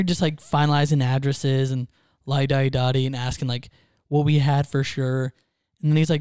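A man's voice: fairly high pitch, normal speed, smooth, no room sound, studio quality. A man, co-hosting a casual podcast and telling a story, acting out what others said. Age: 20s. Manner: animated storyteller, acts out quotes. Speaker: podcast host.

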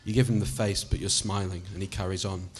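A man's voice: deep voice, steady tone, a little fast. A man reading a story aloud in the second person, in a conversational style with casual swearing. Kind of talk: audiobook reading.

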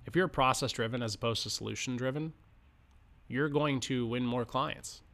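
A man's voice: mid-range voice, normal speed, a bit bright. Chatty male podcast host coaching advisors. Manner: conversational, many fillers and restarts, acts out sample client lines. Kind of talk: casual instructional podcast talk.

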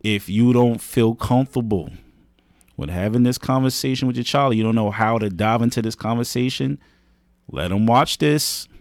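A man's voice: mid-range voice, moderate pace, no echo. A man co-hosting a podcast, giving earnest advice in a casual chat, often repeating himself and saying "man" and "you know what I mean". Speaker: podcast co-host.

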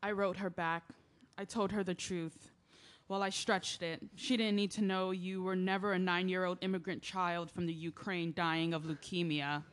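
A woman's voice: fairly low pitch, level tone, moderate pace, natural voice. Woman doing a sad earnest young woman talking through her letters, audio drama. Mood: determined. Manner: earnest, confessional, rising to yelling. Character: grieving young woman named Lia writing letters. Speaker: narrator and lead.

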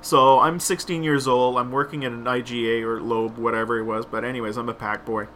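A man's voice: medium pitch, flat delivery, brisk, very noisy. A man from French Canada, French his first language, with a French Canadian accent, telling a story in a profane, joking podcast chat. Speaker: podcast co-host. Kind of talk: casual chat.

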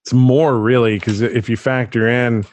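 A man hosting a casual podcast conversation, chatty and animated, laughing often as he relays news. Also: mid-range voice, moderate pace. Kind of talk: casual chat.

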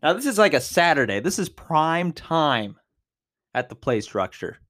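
A man in his twenties hosting a podcast, telling a personal story in a casual, animated way, with big jumps in pitch and loudness. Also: unhurried. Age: 20s. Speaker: podcast host.

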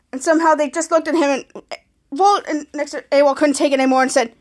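A woman hosting a podcast, excitedly retelling a TV episode scene by scene and quoting the characters' lines. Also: sits high, fast. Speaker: podcast host. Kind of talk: casual episode recap.

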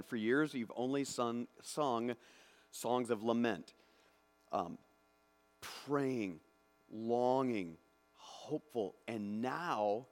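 A man preaching a lively sermon, acting out imagined voices and swinging between loud bursts and hushed asides. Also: fairly low pitch. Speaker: pastor. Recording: long hall reverb.

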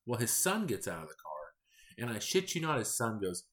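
Low-voiced man telling rambling anecdotes. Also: fairly quick. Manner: candid, rambling, deadpan about odd customers. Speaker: podcast host. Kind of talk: casual storytelling monologue.

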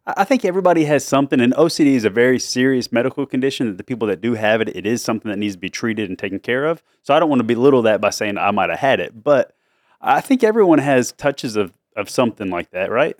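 A man's voice: medium pitch, lively intonation, quick pace, no room sound, clean studio sound. A middle-aged man, a dad hosting a family chat show, telling stories in an easygoing way and laughing often. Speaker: dad and podcast host.

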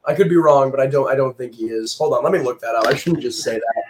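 A man's voice: mid-range voice, fast, slight background noise, poor audio. A man cohosting a podcast in casual chat, joking and teasing his cohosts.

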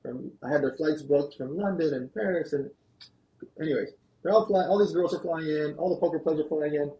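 A man, a guest on a podcast, telling a long story in an animated, fast-moving way. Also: a little high, highs cut off. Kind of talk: storytelling interview answer. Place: podcast studio.

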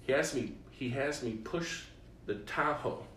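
A man's voice: mid-range voice, unhurried, a bit bright, far from the mic, a little hiss or hum. A young man from Illinois hosting a podcast, telling a long personal story in casual chat, acting out the quotes and laughing often. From Illinois, USA. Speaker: podcast host. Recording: roomy, from off-mic.

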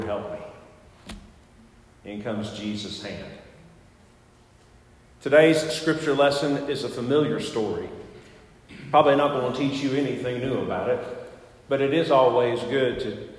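A man, a pastor, telling a personal story in a sermon, conversational and full of fillers and restarts. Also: mid-range voice. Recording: echoey church hall with long reverb.

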